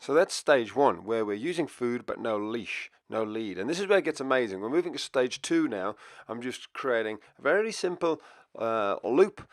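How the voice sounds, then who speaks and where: Relaxed man explaining dog training. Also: medium pitch, normal speed, dry recording. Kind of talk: instructional video narration. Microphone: voice-over for part.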